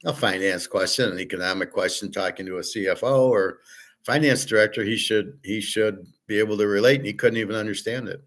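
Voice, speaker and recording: A man's voice: on the low side, fairly quick, fairly bright tone. A man hosting a casual opinion monologue, blunt and profane, arguing with rhetorical questions. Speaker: host.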